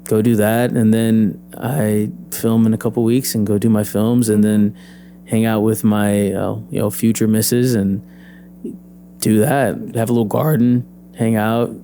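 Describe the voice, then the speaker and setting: Young adult man, low voice, interview guest, lively storytelling, acts out quoted voices. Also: a little slow, a little hiss or hum. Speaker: actor and PE teacher, interview guest.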